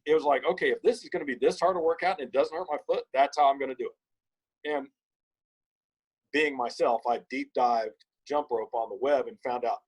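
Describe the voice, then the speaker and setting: A man, a podcast guest, telling an emphatic, animated story in casual conversation. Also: on the high side, slightly rough, poor audio.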